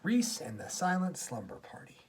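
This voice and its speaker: A father reading a bedtime storybook aloud to his daughter in an animated, gentle storytelling manner. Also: on the high side, normal speed, slight background noise.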